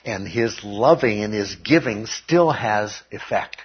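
Husky preacher man teaching a sermon. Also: lowish voice, lively intonation, slow. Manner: teaching, often checking in with "okay?". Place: church service. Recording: dull lo-fi recording.

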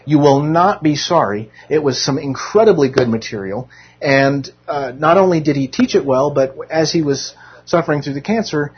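Husky-voiced man teaching a sermon. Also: a little high, animated, normal speed, lo-fi sound. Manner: conversational, earnest, self-deprecating humor. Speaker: Bible teacher. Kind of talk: informal sermon.

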